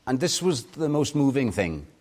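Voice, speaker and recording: An older man preaching a sermon with impassioned swings, rising loud on key points and dropping to a hush. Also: mid-range voice, very animated, moderate pace.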